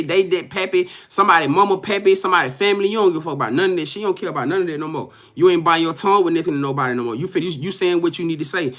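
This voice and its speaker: With a fairly high pitch and fairly bright tone, a man reads tarot casually on a live stream. He keeps speaking directly to viewers, cursing emphatically, repeating himself and frequently laughing.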